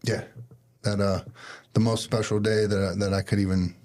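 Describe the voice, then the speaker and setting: A man's voice: fairly low pitch, level tone, moderate pace, a little mellow. A man, a podcast guest, telling a personal story in casual conversation and acting out his own thoughts.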